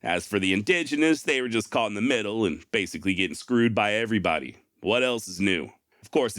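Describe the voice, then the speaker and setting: A man's voice: mid-range voice, no echo, clean studio sound. A man hosting a history podcast, telling the story in a wry, folksy way and often mocking himself. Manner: wry, sarcastic, self-mocking; folksy turns of phrase.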